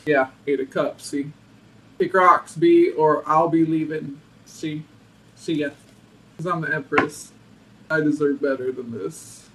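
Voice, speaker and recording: A man with a high, light voice gives a casual tarot reading, full of sass, playful attitude and frequent laughter. The mic sits some way off, so he sounds distant. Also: measured pace, pauses often. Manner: sassy and animated, laughs often. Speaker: tarot reader.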